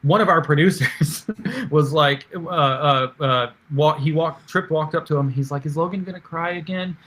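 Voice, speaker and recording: A man's voice: a little high, a bit bright. A man who is a film director, telling behind-the-scenes stories in a casual interview, full of fillers and restarts. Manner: halting, filler-heavy anecdotal storytelling. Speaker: film director, podcast guest.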